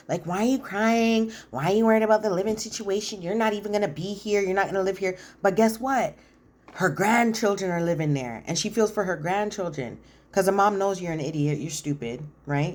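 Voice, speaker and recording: A woman giving blunt, opinionated casual commentary on a reality show, acting out what the people said. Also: on the low side. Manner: blunt, opinionated, acts out quotes.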